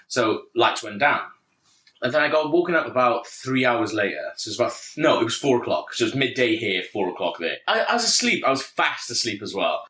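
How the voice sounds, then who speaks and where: A man telling a rambling, sweary story with plenty of self-mockery. His pitch swings widely and his voice is bright and forward. The room adds a noticeable echo. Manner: animated, sweary, self-mocking. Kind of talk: casual chat, storytelling. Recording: roomy echo.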